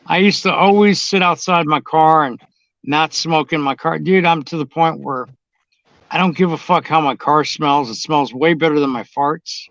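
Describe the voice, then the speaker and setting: A man's voice: on the high side, moderate pace, a bit bright, no room sound. A man chatting casually and bluntly, swearing constantly as he tells his stories. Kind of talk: casual profane chat. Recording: dull, dry lo-fi sound.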